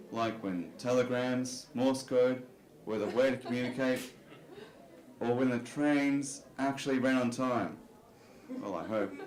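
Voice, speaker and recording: Self-mocking and easygoing, a stand-up comic on a club stage leans heavily on "you know" as he talks. His mid-range voice has a slightly mellow tone, and the audio carries a roomy club sound.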